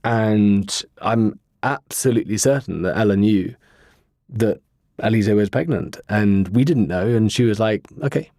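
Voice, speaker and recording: A man guest on a podcast, earnestly telling a personal story in a rambling way with pauses and fillers. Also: on the low side, warm tone, dry recording, clean studio sound. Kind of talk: casual interview storytelling.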